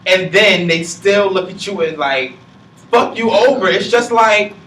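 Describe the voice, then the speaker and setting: Young man, bright higher voice, impassioned casual chat, roomy distant mic. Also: unhurried. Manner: blunt, impassioned, swears freely. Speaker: panelist. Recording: roomy sound from a distant mic with faint noise.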